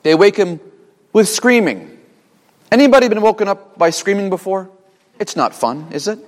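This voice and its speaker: A man's voice: high-pitched, normal speed. Preaching man in a reverberant church. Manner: animated preaching with rhetorical questions. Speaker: pastor. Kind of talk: sermon. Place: church sanctuary.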